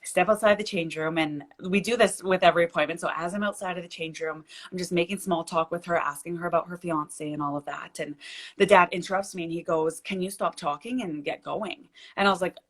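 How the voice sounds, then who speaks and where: A young woman who owns a shop tells a story as a guest on a video-call interview. She speaks quickly in a voice on the low side, animated throughout, acting out the people she quotes.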